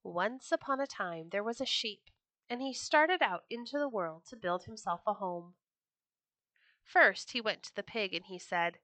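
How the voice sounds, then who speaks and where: Bright-voiced woman reading storybooks. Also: mid-range voice, unhurried, no room sound. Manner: expressive, raises her voice for quoted birds.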